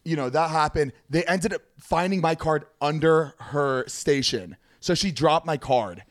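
A podcast co-host telling a story in casual chat, animated and swearing freely. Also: male voice, fairly high pitch, a little slow.

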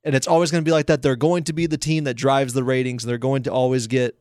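A young man co-hosting a sports podcast, excitable and quick to argue in casual chat. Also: mid-range voice, no echo, studio quality. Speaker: podcast co-host.

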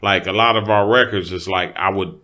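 Relaxed male guest with a lower voice, easygoing, casual chat. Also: brisk. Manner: relaxed, chimes in with short agreements.

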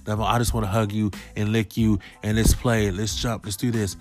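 Man playing a hyper happy dog, gushing, excited, loving, comedy bit. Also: on the low side, moderate pace, over music, natural voice. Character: eager male dog, overjoyed and loving.

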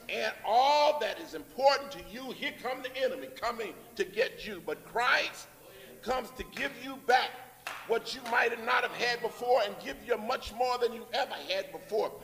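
A man's voice: sits high, fairly bright tone. A man preaching a Sunday morning sermon in a church, with call-and-response phrases and rising emphatic lines. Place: church sanctuary. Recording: long reverb in a church hall.

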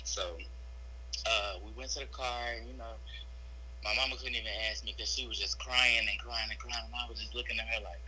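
A man's voice: on the low side, steady tone, a little fast, sharp tone, a little hiss or hum, poor audio. A young man co-hosting a casual podcast, telling a personal story in a laid-back way and laughing often. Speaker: podcast co-host.

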